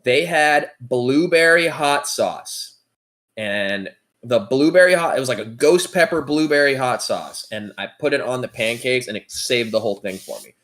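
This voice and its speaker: A man's voice: mid-range voice, normal speed, a bit bright. A man co-hosting a podcast, telling a story in a laid-back, casual way with plenty of swearing. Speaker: podcast co-host. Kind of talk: casual chat.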